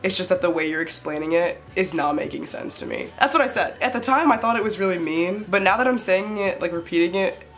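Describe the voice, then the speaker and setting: Fast-talking young woman telling a story. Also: fairly low pitch. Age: young adult. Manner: chatty, filler-heavy, animated retelling with quoted dialogue. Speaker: vlogger. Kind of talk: casual storytime. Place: her bed, for a short add-on.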